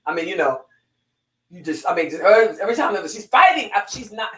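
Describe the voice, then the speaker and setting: A woman's voice: mid-range voice, sing-song, fairly quick, a bit bright, roomy sound, a little hiss or hum, low-quality recording. A woman, a former police corporal, telling a heartfelt personal story with lots of restarts and repeats.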